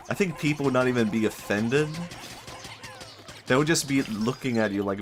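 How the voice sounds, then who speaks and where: A man's voice: mid-range voice, normal speed, pauses often, slight background noise. A man, streaming and chatting casually with a chatty, self-amused manner. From Sweden. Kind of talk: casual gaming stream chat.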